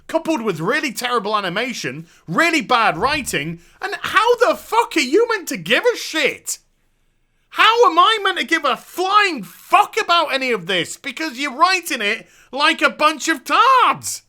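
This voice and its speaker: A man with a high, very bright and forceful voice rants about a game he hated. His delivery is profane and sarcastic, and his pitch swings widely as his exasperation builds. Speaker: host. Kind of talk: ranting game review.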